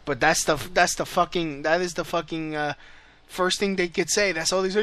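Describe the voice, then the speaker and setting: A man rants as the host of a call-in show, blunt and quick to swear. His voice is slightly high and strikingly bright, with a forceful edge. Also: fairly even intonation, clear, resonant tone. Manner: heated, blunt, swears a lot. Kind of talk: casual profane rant.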